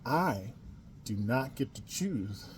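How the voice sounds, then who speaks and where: A man from the United States hosting a podcast, talking on his own in a casual monologue, emphatic, spelling words out and swinging from quiet to loud. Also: medium pitch, a little hiss or hum. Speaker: podcast host.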